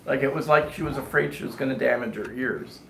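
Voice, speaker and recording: A man with a gravelly voice speaks in a relaxed, offhand way, adding his bits to a casual chat. The room echoes around him, and a faint hum of noise sits underneath. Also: medium pitch, fast talker. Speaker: co-host of a live quilting show. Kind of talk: casual live-stream chat.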